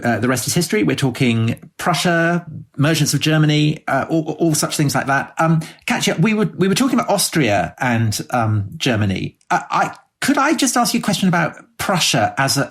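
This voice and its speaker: A man's voice: a little high, big pitch swings, moderate pace. A man co-hosting a history podcast who asks questions in a polite, hesitant way. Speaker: podcast co-host. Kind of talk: casual chat.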